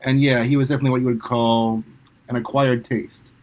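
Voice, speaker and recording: A man voicing a sheepish young male superhero who talks haltingly to his mother. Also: mid-range voice, little pitch movement, darkish tone, close to an everyday voice. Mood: hesitant, earnest. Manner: halting, hesitant, lots of restarts.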